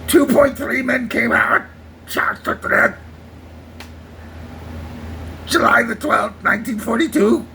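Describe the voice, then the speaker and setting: Casting: a man putting on a gruff old salt of a sea captain, shouting, raw and strained. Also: very high voice, moderate pace, a little hiss or hum, full character voice. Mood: grim. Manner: bellowing, salty. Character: gruff older male sea captain, hard-bitten. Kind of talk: comic movie impression.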